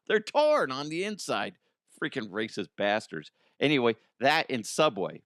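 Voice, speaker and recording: A man's voice: on the low side, big pitch swings, a little slow, a bit bright, clean tone, dry recording, studio quality. A man hosting a comedic news podcast in a casual, joking way, laughing often; he sounds like he is in his thirties and records at home. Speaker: podcast host.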